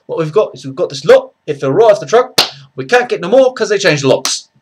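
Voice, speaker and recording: A man's voice: sits high, sing-song, a little fast, background noise, voice pushed up. Man doing a cocky cockney geezer, clipped and brash.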